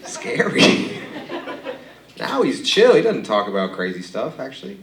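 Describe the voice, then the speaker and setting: Young man doing deadpan stand-up. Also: mid-range voice, measured pace. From Romania. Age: young adult. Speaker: stand-up comedian. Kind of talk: stand-up comedy set. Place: comedy club stage. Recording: echoey club recorded from a distance, loud noise. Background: audience laughter.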